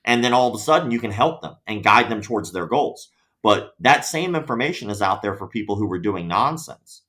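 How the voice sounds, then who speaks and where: A man's voice: fairly low pitch, a little fast. A man, a podcast guest chatting casually and acting out people in his stories. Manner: animated storyteller, acts out quoted voices. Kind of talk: casual interview chat.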